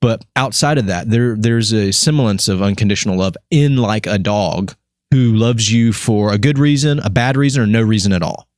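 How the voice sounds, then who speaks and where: A lower-pitched man hosting a casual podcast, talking in loose, rambling runs and cracking jokes. His voice sounds close and dry, with no room around it. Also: moderate pace, darkish tone, no room sound. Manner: rambling, jokey, mimics people in quoted voices. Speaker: podcast host.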